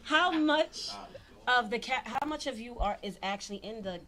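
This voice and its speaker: A woman's voice: on the high side, animated, moderate pace, a bit bright. A woman hosting a casual radio chat, teasing her guests and asking questions. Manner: teasing, laughing, interviewer. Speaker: radio show host.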